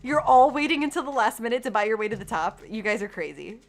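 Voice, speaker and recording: A young woman streaming a life-sim game, chatting to her viewers and often squealing with excitement. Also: fairly high pitch, fast talker. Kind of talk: gaming livestream chat. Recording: faint background game music.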